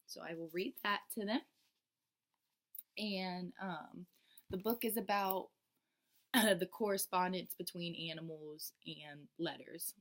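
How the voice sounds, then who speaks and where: A woman who teaches young children, walking step by step through a lesson plan with some ums and restarts. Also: lowish voice. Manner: steady, step-by-step explaining with frequent ums and restarts; shifts into a bright, singsong teacher voice when quoting herself to children. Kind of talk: explaining a lesson plan to camera.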